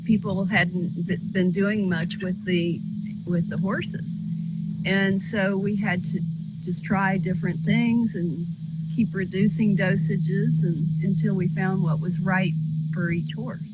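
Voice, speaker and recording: Calm explaining voice, mid pitch, loud noise all around. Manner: measured, explanatory. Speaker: guest. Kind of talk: casual explanation.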